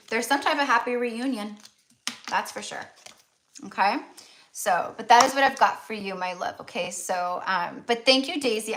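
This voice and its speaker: A woman's voice: mid-range voice, fairly bright tone. A woman hosting a live tarot reading stream, chatty and affectionate, talking with many fillers and checking in with "okay?".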